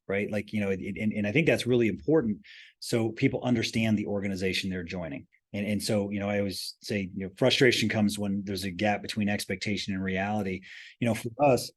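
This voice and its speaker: A man's voice: fairly low pitch, brisk. A man, a company president, talking earnestly as a podcast guest, often restarting his phrases and pressing hard on key points. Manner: earnest, emphatic, many restarts. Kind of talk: podcast interview.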